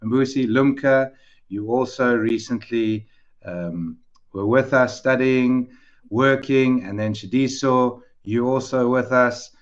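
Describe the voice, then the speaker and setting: A man's voice: medium pitch, fairly even intonation, slow pace, lo-fi sound. A man hosting an online information session, welcoming viewers and introducing the panel in a chatty, upbeat way over a video call. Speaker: webinar host, head of school.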